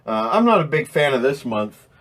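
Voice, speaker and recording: A man's voice: mid-range voice, very animated, moderate pace, fairly bright tone. A man hosting a casual live stream, rambling and swearing as he reads out chat names, his throat strained from voiceover work.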